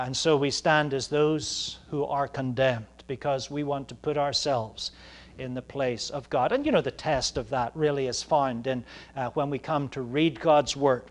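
A man preaching a sermon, halting often on fillers, then pressing points with rising emphasis. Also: medium pitch.

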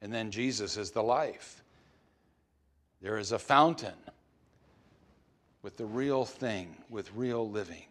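Slow, emphatic male preacher. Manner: deliberate, emphatic preaching that swings between loud stresses and soft, low phrases. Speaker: pastor. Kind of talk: sermon. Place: church service.

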